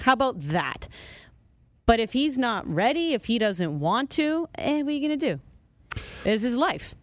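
A woman hosting a sports radio talk show, telling stories in a chatty, animated way. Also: sits high, moderate pace, dry recording.

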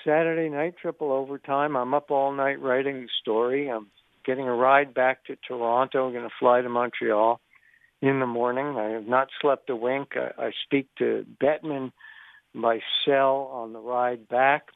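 A man's voice: medium pitch, normal speed, creaky, no room sound. An older man, a sports journalist calling into a radio show, telling a long story and acting out the people he quotes. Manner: animated anecdotal storyteller, acts out quoted dialogue. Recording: phone line.

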